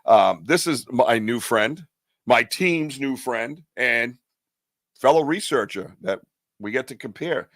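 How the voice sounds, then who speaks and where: A man's voice: mid-range voice, lively intonation, slow, a bit bright, no room sound. A man hosting a live streamed talk show, rambling loosely, joking and swearing casually, from the northern United States. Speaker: podcast host.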